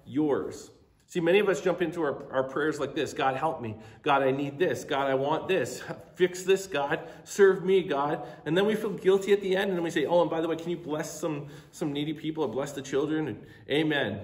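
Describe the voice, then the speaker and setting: Middle-aged man, pastor, earnest sermon, mid-range voice, echoey room. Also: medium pitch.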